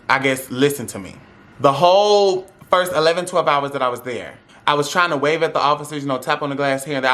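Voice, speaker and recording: A man's voice: on the high side, sharp tone. A young man speaking tells a dramatic, sassy story to his audience, acting out every voice in it. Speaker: vlogger telling a story. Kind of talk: animated storytime.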